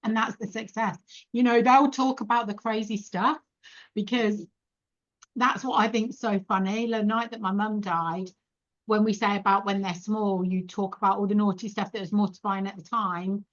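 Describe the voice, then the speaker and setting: A woman's voice: medium pitch, normal speed. A middle-aged woman, a podcast guest, telling stories in casual chat and acting out the voices of the people in them. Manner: animated, laughing, acts out quoted voices. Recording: dull lo-fi podcast audio.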